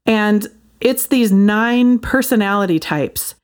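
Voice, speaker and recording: A woman talking straight to viewers in a casual monologue, telling a story in a chatty, animated way as a Christian commentator. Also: medium pitch, takes it slowly. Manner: animated, chatty storytelling with quoted voices and laughs.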